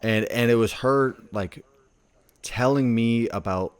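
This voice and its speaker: A man's voice: medium pitch, slow, clear, resonant tone. A man co-hosting a podcast, telling a story in a laid-back casual chat, full of filler words. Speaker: podcast co-host.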